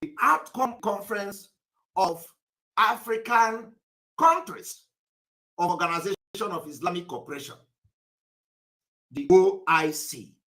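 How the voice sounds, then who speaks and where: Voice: mid-range voice, measured pace, pauses often, fairly bright tone, rough recording. A speaker giving livestream political commentary, lecturing viewers emphatically with repeated rhetorical questions.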